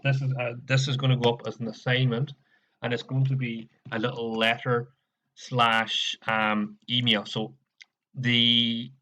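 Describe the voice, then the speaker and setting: A man's voice: mid-range voice, a bit bright. A man with an Irish accent teaching a recorded lesson, patiently explaining step by step and often checking in with "okay?".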